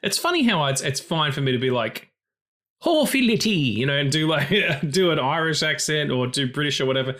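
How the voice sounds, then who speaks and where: Man, podcast co-host, lively pitch, profane, rambling casual chat. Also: brisk, hardly any pauses. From not from the co-host's country. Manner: rambling, profane, animated tangents.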